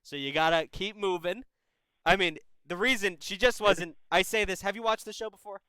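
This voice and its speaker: Hosting a call-in advice stream, a young man gives casual advice like an older brother, blunt and full of swearing. His bright, smooth voice is a little high for a man, and he speaks at normal speed. The recording is close, dry, and rough.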